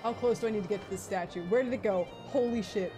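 A woman's voice: medium pitch, quick pace. A young woman streaming a video game live, panicking, swearing and laughing as she plays. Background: game music.

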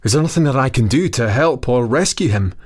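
A man's voice: medium pitch, animated, brisk, voice pushed up, natural voice. A man voicing a brave, fearless young earl in a storybook reading, speaking eagerly and urgently.

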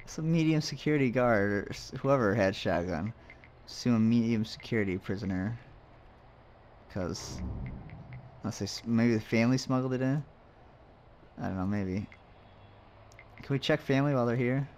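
A man's voice: medium pitch, normal speed, long pauses, darkish tone, a little hiss or hum. A man casually commenting as he plays a game, rambling and muttering to himself with jokes along the way. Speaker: let's play host.

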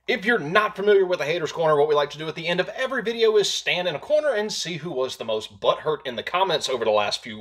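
A man's voice: on the high side, slightly rough. A man hosting his boat-building video, explaining results casually and then teasing commenters with jokes. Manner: joking, teasing, animated. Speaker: host and jon boat builder. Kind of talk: casual how-to video talk with a comment roast segment.

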